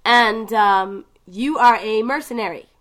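Brief: woman, fairly high voice, casual gaming chat, animated storyteller who slips into mock voices. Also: unhurried.

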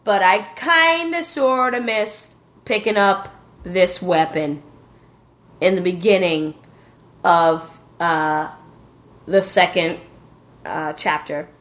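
A woman casually telling a lively story about a video game, cursing and joking as she goes. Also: fairly low pitch, takes it slowly, long pauses. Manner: animated storytelling, swearing, joking voices.

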